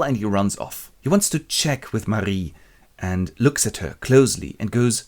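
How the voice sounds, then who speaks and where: A man's voice: on the low side, animated, normal speed, a little mellow. Wry man retelling a classic play. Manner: wry, colloquial. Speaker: literature presenter.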